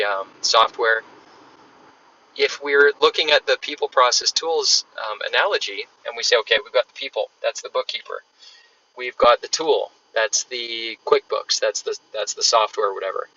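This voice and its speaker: Through distant, dull, low-fidelity audio with faint background noise, a man hosts a casual solo podcast from the road. He explains ideas conversationally in a mid-range voice that sounds pushed and bright.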